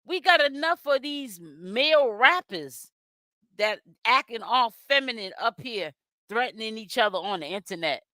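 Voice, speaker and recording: This mid-range, lively voice sounds pushed and bright, captured dry in a clean studio. The speaker hosts a celebrity gossip channel and hails from Boston, Massachusetts, with the accent to match. On a live stream, she reads the chat aloud with sassy, chatty commentary and drawn-out exclamations.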